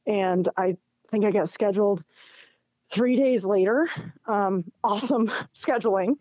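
With a mid-range voice and measured pace, a middle-aged woman recounts a personal story during a casual interview, animatedly performing other people's lines with laughter. The audio is dull, dry, and lo-fi, with no echo.

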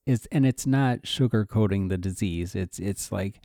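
A man co-host with a low, mellow voice who speaks thoughtfully, often pausing on fillers. The recording is dry and close to the mic, with no room around him. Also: dry recording. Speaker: podcast co-host and writer. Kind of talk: casual conversation.

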